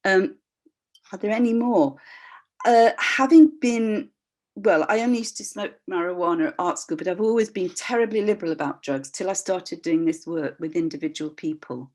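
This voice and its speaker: A woman's voice: lowish voice, moderate pace. An older woman, a voice practitioner and workshop leader, sharing a candid, reflective personal story over a video call. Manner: expressive, acts out voices in her stories; candid, reflective, with frequent restarts.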